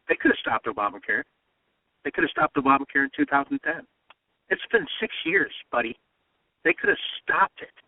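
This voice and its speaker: A man's voice: on the high side, dry recording. A man hosting a political talk radio show, emphatic and impassioned, often repeating himself. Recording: dry, phone-like radio sound.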